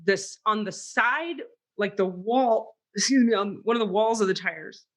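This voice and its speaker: A woman's voice: medium pitch, measured pace. A woman co-hosting a podcast, telling a story in casual chat and acting out the voices she quotes. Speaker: podcast co-host.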